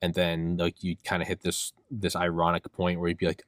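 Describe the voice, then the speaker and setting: A man's voice: deep voice, level tone, fairly quick, no echo, studio quality. A young man hosting a solo podcast rant, rambling and swearing, acting out his own inner voice. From United States. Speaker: podcast host.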